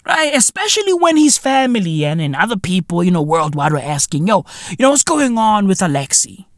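Loud swearing man ranting. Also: high-pitched, big pitch swings, brisk, no room sound, studio quality. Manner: loud, swearing, swings between shouting and muttering. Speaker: podcast host. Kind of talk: solo comedic rant.

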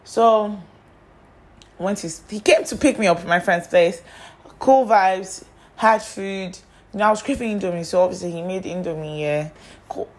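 A woman's voice: medium pitch, moderate pace. A young woman telling stories in a chatty, exasperated storytime monologue, speaking straight to the listener.

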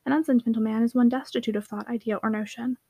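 Woman doing a quiet schoolboy, slow measured delivery, dry irony, storybook reading, higher voice. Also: steady tone, creaky, husky, dry recording. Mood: dryly ironic. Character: boy, slow quiet dry ironic speaker.

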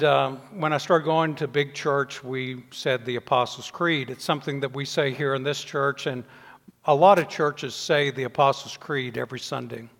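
An older man preaching a sermon, measured, letting his voice fall softly at the ends of phrases. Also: medium pitch. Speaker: pastor. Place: church sanctuary. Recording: long reverb in a church hall.

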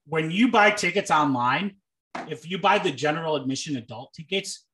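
A young man co-hosts a casual podcast with a bright, sharp-edged voice pitched a little high. He riffs in a deadpan, joking way. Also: moderate pace, echoey room, slight background noise, rough recording. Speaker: podcast co-host. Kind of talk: casual chat.

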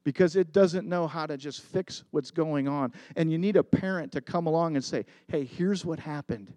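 Earnest higher-voiced male pastor preaching. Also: normal speed, warm tone, dry recording. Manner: earnest, confessional storytelling with emphatic repetition. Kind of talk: sermon.

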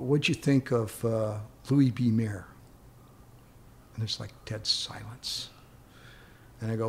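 A man's voice: medium pitch, creaky. A man casually telling a long anecdote in a rambling way, often repeating words as he starts a thought. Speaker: guest storyteller.

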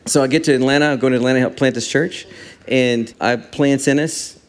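A middle-aged man with a drawl chats as a guest in an interview. He tells his stories loosely and often laughs at himself, in a voice of ordinary middle pitch. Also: fairly even intonation, brisk, clear, resonant tone. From Texas. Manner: laughing, self-deprecating storyteller. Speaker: worship leader guest. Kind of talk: interview chat.

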